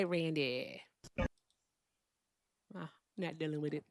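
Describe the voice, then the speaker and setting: A woman's voice: mid-range voice, animated, normal speed, dry recording, studio quality. A woman hosting a live call-in debate stream, blunt and profane, brushing callers off.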